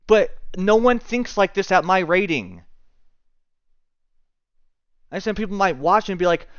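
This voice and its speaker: A man's voice: high voice, animated, slow, pauses often, clear, resonant tone, no echo, muffled recording. A man streaming a chess game live, muttering to himself and swearing in frustration as he plays. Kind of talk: live gaming commentary.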